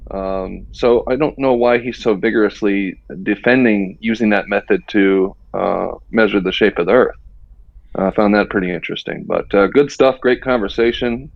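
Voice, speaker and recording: A man giving calm, reasoned closing remarks on a live stream call. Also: fairly low pitch, normal speed, gravelly, dry recording. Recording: dull, dry call audio.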